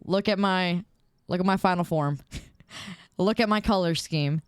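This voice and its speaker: A woman's voice: on the low side, a little slow, smooth, no room sound, clean studio sound. A young woman streamer in casual chat, reading viewer messages aloud and giggling often.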